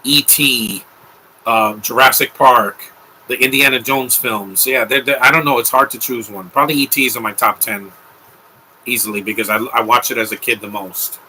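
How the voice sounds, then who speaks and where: A man's voice: medium pitch, steady tone, moderate pace, bright, forceful tone, a little hiss or hum, poor audio. A young man hosting a live movie commentary, talking in an offhand, rambling way with opinionated asides.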